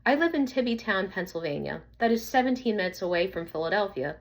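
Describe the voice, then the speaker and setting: A woman voicing an eager dog owner ordering a puppy over the phone, answering quickly and keenly. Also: mid-range voice, lively intonation, lightly acted.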